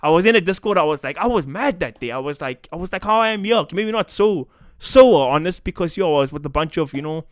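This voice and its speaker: Young south african guy ranting on his vlog, swears a lot, high-pitched, super dry mic. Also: lively intonation, fast talker, no echo. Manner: profane, ranting, casual slang. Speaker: esports commentator. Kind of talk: heated commentary vlog.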